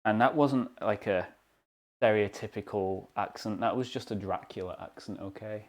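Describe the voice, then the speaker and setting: A young British man with a lowish voice bakes in his home kitchen while streaming live, speaking at a normal speed. He chats casually and cracks jokes at his own expense.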